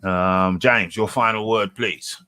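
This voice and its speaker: A man's voice: fairly low pitch, fairly even intonation, takes it slowly, sharp tone, clear, resonant tone, no room sound. A man hosting a live boxing talk show, rambling casually and repeating himself as he reads comments. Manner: rambling, self-correcting, repeats phrases. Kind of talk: casual live-stream chat.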